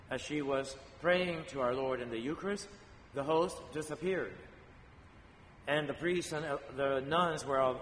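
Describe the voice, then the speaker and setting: Male priest, measured homily delivery, long church reverb, faint hiss. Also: medium pitch, a bit bright. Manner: slow, measured storytelling with frequent pauses and fillers. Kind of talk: homily on a saint's feast day.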